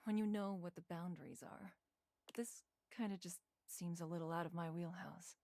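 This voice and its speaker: A woman voicing a seductive female game character who talks in a slow, sultry way and turns giggly and unsure of herself. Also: lowish voice, fairly even intonation, gravelly, dark tone, no room sound, studio quality. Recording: game audio with faint music.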